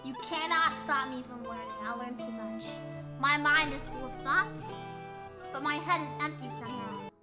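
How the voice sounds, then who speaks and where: A woman's voice: sits high, moderate pace, music in the background. A woman from the United States chatting casually on a live stream, playful and rambling, often joking at her own expense. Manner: playful, rambling, self-mocking.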